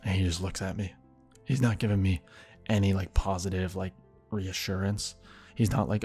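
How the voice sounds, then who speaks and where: A young man tells a rambling personal story in a low, slightly husky voice. He swears freely and drops into muttered asides. Soft music sits faintly behind him. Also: fairly even intonation, normal speed. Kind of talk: casual storytelling.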